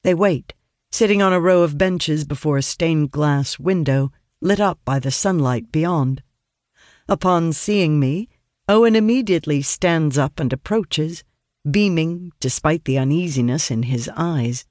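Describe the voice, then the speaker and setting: A man reading a fantasy story aloud in a steady storytelling manner. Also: a little high, unhurried, dry recording, clean studio sound. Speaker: audiobook narrator. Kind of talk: scripted fantasy narration.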